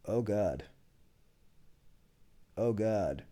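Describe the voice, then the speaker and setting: A man's voice: mid-range voice, animated, normal speed, warm tone. A man on a live stream reading and reacting to memes in a chatty, muttering way, full of restarts. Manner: chatty, muttering, laughs at jokes, many restarts. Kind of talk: casual live-stream commentary.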